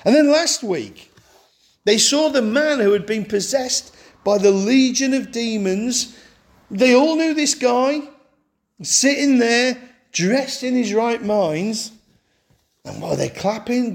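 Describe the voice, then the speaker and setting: A man preaching a sermon, telling a story in an animated way and acting out the quotes. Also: extremely high pitch, slow.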